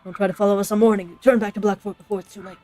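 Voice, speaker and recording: A woman's voice: mid-range voice, steady tone, rapid-fire, dark tone, faint music behind, lightly acted. A woman reading as a stern sheriff on the radio. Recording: faint background noise.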